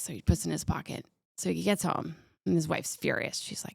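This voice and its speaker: A middle-aged woman chatting as a podcast guest, telling a joke in an animated way and acting out the quotes. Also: fairly low pitch, fast talker, gravelly, slightly rough, no echo, studio quality. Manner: animated storyteller, acts out quotes. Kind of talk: casual chat, telling a joke.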